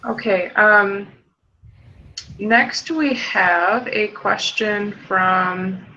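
A woman's voice: mid-range voice, very slow, pushed and bright, muffled recording. A woman moderating a session, reading out audience questions hesitantly with many fillers.

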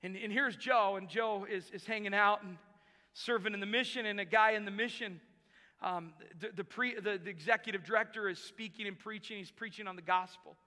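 A man's voice: sits high, fairly quick, bright, forceful tone. A male pastor preaching a sermon in a church, emphatic and repeating key phrases for effect. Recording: long reverb of a large hall.

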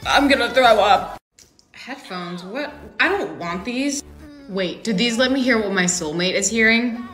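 Young woman skit comic, high crisp voice, overplays every reaction. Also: lively intonation, a little slow, fairly bright tone, faint music behind. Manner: dramatic, exaggerated reactions. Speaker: skit creator. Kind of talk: comedic POV skit acting.

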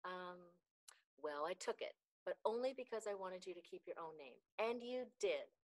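A woman's voice: fairly low pitch, animated, normal speed, natural voice, rough recording. A woman voicing a friendly schoolboy classmate in a storybook read-aloud, eager and a little bashful.

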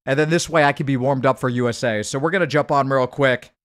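A man hurriedly commenting on a live racing game stream and chatting with his viewers. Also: mid-range voice. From United States. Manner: hurried, excitable, chats with viewers.

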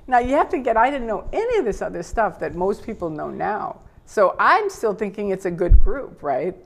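A woman's voice: medium pitch, moderate pace, hardly any pauses. An older woman as an interview guest, telling her personal story with feeling, sometimes tearful and acting out what others said. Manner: animated, tearful at times, acts out quotes.

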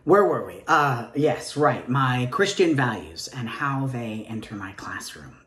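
A man's voice: medium pitch, very animated, unhurried, fairly bright tone. A man playing a jittery Southern teacher applicant, roomy. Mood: nervous. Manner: nervous, rambling, stammering, drops to whispers. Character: nervous gay male teacher applicant. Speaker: job interview candidate. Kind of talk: comic stage monologue.

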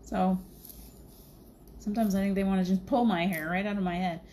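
A woman's voice: mid-range voice, fairly even intonation, fairly quick, mellow, slight background noise. A middle-aged woman hosting a livestream, telling a spiritual story in a chatty way and laughing often. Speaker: livestream host. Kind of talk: casual spiritual chat.

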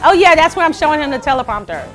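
A woman vocal coach talking chattily in a casual vlog, animated and often laughing. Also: high voice, rapid-fire, faint music behind.

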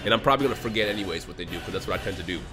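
A man commentating his own mobile game pulls for a video, swinging between low grumbling and shouted, exasperated outbursts. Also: animated, very fast, faint music behind. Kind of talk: gaming vlog commentary.

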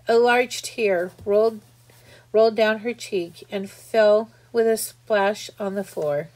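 A woman reads a children's book aloud at a slow pace, often stopping to restart a phrase. Her voice sits at a middle pitch for a woman. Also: fairly even intonation, a little mellow. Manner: unhurried, with frequent restarts. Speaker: reader.

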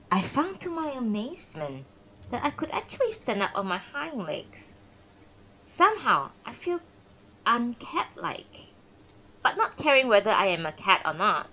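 A woman reading a classic novel aloud on a live stream, expressive with pauses and small self-corrections. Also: medium pitch, rough recording. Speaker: narrator and streamer.

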